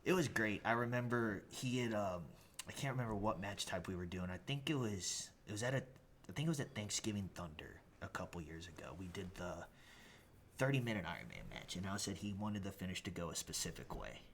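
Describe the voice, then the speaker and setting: A man, a professional wrestler and podcast guest, telling animated backstage stories with frequent laughter. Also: fairly low pitch, brisk, slight background noise. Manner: animated storyteller, laughs often. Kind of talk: casual storytelling interview.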